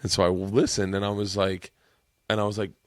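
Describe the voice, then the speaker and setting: A man in his thirties hosts a podcast with a low voice and a dry, close sound. He rambles and swears, jumping into lively stories. It is casual chat among friends. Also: brisk, no room sound. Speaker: podcast host. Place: home man cave.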